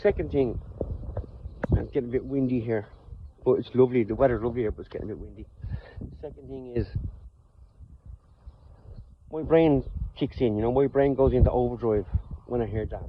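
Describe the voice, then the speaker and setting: A man's voice: mid-range voice, a little fast, long pauses, a little hiss or hum. An Irish man speaking straight to his phone outdoors, thinking aloud in a loose, unscripted monologue. He stumbles, repeats himself and restarts his phrases as he goes. The sound is thin and tinny, like a phone line. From Ireland. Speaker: vlogger. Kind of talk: off-the-cuff personal monologue.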